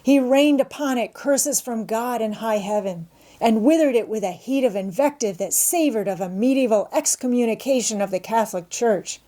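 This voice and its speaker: A woman narrating a classic novel aloud in a measured, expressive storytelling manner. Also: fairly high pitch. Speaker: audiobook narrator.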